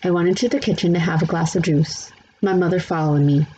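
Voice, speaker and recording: A woman's voice: on the low side, fairly quick, muffled recording, slight background noise. Woman reading a children's book aloud. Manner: steady, plain narration. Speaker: storybook reader.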